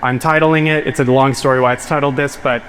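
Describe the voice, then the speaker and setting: Before a live audience in a large hall, a keynote speaker tells an earnest story and becomes choked up. He speaks a little fast in a steady, mid-range voice with a fairly bright tone, and there's slight background noise.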